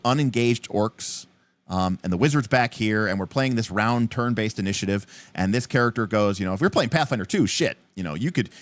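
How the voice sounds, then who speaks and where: Guy hosting a stream, rambles and cusses, pitch jumps all over, dry close sound. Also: dry recording. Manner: animated, rambling, swears casually. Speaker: host. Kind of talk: livestream rules explanation.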